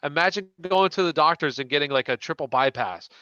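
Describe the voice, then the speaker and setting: A man's voice: a little high, a little fast, sharp tone, dry recording, dull audio. A man hosting a live question-and-answer stream, chatting casually and restarting his sentences as he answers viewers. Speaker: fantasy football show host.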